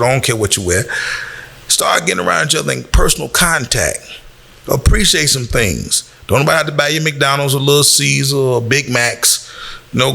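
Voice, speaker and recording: A gravelly man from Chicago giving a blunt lecture to the youth. His voice is bright and a little tense, and it rises when he hammers a point home. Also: medium pitch. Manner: blunt, lecturing, rising on emphasis. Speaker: community speaker. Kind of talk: preaching to young people.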